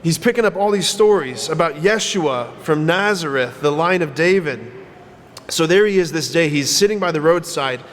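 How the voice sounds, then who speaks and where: A man preaching a sermon as a priest, telling the story with animated retellings and acted-out quotes. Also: a little high, moderate pace, in a large hall, a little hiss or hum. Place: church.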